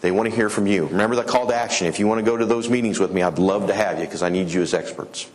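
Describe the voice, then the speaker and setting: A middle-aged man from Colorado giving a conference talk, an animated storyteller who acts out the people he quotes. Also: lowish voice, rapid-fire. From Colorado, USA. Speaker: conference speaker. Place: conference hall.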